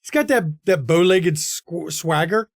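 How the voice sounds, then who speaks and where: High-voiced man running a tabletop game. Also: animated, measured pace, gravelly, no room sound, studio quality. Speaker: game master.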